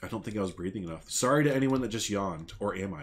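A man's voice: on the low side, animated, fast talker, few pauses. A young man chatting casually on a game live stream, laughing often and answering viewers.

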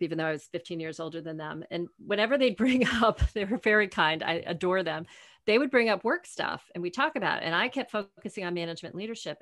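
A woman's voice: medium pitch, fairly bright tone, no room sound, clean studio sound. A woman in her forties, an author guest in an interview, talking animatedly, acting out bits of dialogue and laughing often. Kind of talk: conversational interview.

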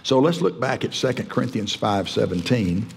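A man's voice: mid-range voice, sing-song, moderate pace, creaky, slight background noise. An older man preaching a sermon as pastor, telling folksy stories and chuckling often. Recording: church hall reverb.

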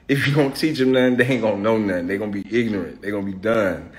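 A man's voice: lowish voice, very fast, few pauses. Laid-back man in a home vlog. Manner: laid-back slangy talk, often says "cuz" and "you feel me". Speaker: vlogger and father. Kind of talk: casual home vlog chat.

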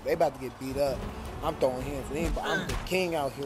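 A man's voice: mid-range voice, fast. A man casually commenting while he plays a video game, joking and trash-talking in slang. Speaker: gaming video creator.

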